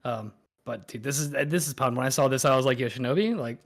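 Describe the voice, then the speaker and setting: A man's voice: medium pitch, steady tone, fast talker, vocal fry. Easygoing man joking on a podcast. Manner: jokey, easygoing. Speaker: podcast co-host. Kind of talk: casual banter.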